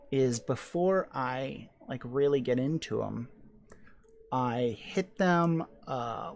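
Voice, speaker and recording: A man with a creaky, fry-edged voice chats loosely while working at a hobby bench at home. He rambles in a laid-back way and drops the odd curse. His pitch sits in a middling range. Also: darkish tone. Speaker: hobby painter, channel host. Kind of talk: casual chat while painting miniatures.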